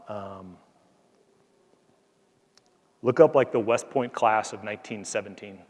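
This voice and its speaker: Earnest military officer speaking in a hall. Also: male voice, on the low side. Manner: earnest, conversational, frequent "like" fillers. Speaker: Air Force colonel addressing cadets. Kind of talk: motivational speech with anecdote. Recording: long hall reverb.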